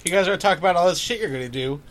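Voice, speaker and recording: A man's voice: high-pitched, animated, rapid-fire, a bit bright. A young man joking casually with friends.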